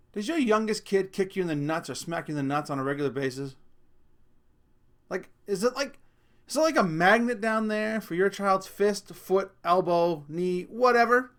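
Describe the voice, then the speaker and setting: A man hosts his own casual rant video from home, rambling, correcting himself and telling crude, jokey stories. His voice sits high with lively intonation and a fairly bright tone, at normal speed with frequent pauses.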